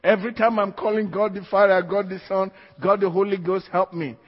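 A man's voice: high-pitched, little pitch movement, a little fast, big-room sound, lo-fi sound. A man voicing a small male demon who gloats and mocks, in a sermon retelling. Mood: gloating.

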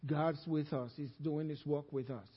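A male pastor preaching a sermon in a church, surging to loud emphatic calls and then dropping low and quiet. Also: fairly even intonation, moderate pace, breathy edge. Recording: echoey church hall, dull lo-fi sound.

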